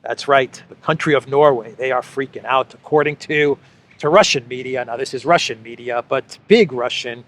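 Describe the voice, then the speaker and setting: A man's voice: medium pitch, normal speed, fairly bright tone. A man hosting a solo political commentary show, talking sarcastically and repeating phrases for effect.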